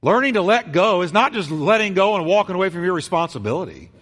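A man delivering a sermon from the pulpit, his slightly high voice rising and falling with wide, animated swings. He tells the story dramatically, going loud and then dropping to a near hush. The sound rings with a long reverb, as in a large church. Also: quick pace. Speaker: pastor.

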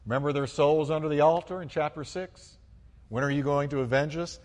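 A man preaching as pastor to his church, fervent, building to loud exclamations and calling the congregation to respond. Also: a little high, steady tone, fairly quick, big-room sound. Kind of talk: sermon. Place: church sanctuary.

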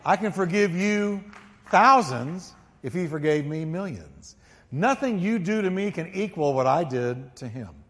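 A male pastor preaching a sermon emphatically, swinging from quiet, low asides to loud, ringing peaks and calling on the congregation to repeat after him. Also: animated, unhurried. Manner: calls on the congregation to repeat lines. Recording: long hall reverb.

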